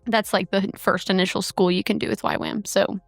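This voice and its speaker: A woman's voice: mid-range voice, flat delivery, brisk, gravelly, no room sound, faint music behind. A woman co-hosting a faith podcast in casual chat, talking with many fillers. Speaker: podcast co-host.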